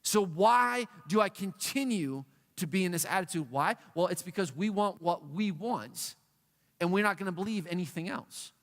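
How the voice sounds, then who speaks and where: A man preaching to a youth group, animated and playful, acting out a whining dog and other whiny voices. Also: sits high, moderate pace. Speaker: youth pastor. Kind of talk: youth sermon. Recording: long hall reverb.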